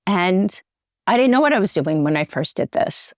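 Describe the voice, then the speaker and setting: A middle-aged woman speaks earnestly as an interview guest, her voice catching as she gets choked up. Her pitch sits a little low for a woman. The sound is dry and close, with no room echo. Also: animated, moderate pace. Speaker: interview guest, divorce journalist. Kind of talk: conversational interview.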